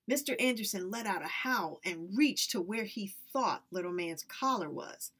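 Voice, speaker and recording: A woman reads a children's story aloud, with lively, expressive narration. Her pitch sits in the middle range for a woman. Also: normal speed, slightly rough. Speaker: reader.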